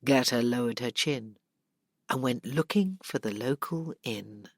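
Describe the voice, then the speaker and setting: A woman narrating a dark fantasy audiobook, expressive and doing voices for the characters. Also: rumbling low, a little slow, dry recording, studio quality. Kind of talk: scripted narration.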